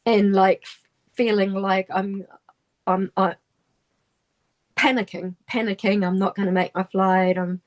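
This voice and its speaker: Halting New Zealand woman telling a story. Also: medium pitch, a little mellow. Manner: halting, full of restarts and trailing phrases. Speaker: guest. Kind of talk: personal storytelling in an interview.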